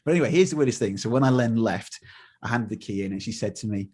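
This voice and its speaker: Speaking quickly and with animation, this man has a lowish, slightly mellow voice with a breathy edge. He's a middle-aged motivational speaker in an interview, spinning conversational stories and performing each character's lines in a distinct voice.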